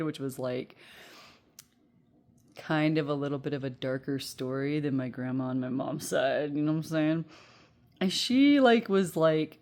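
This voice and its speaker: A woman in her thirties with a low-pitched voice gives a casual pick-a-card tarot reading from home. She talks into earbuds in a loose, rambling way, full of fillers, and laughs often as she goes. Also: a little mellow. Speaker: tarot reader.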